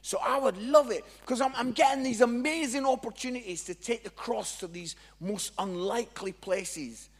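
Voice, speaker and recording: A Scottish man, a Christian comedian, telling a humorous testimony in an animated, jokey storytelling way. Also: very high-pitched, normal speed, hardly any pauses, big-room sound. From Scotland.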